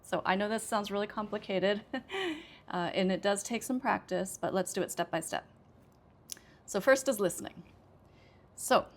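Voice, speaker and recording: A woman's voice: medium pitch, moderate pace, long pauses. An American woman teaching English pronunciation, explaining sentence stress step by step and repeating example sentences with careful emphasis.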